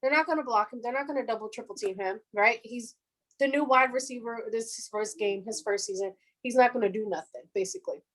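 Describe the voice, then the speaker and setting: A young woman in her twenties chats about football on a casual podcast. Her voice sits somewhat high, and she talks in a loose, animated way, laughing often. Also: fast talker, rough recording. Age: 20s. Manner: fan of the team, says "our defense". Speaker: podcast co-host. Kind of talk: casual sports chat.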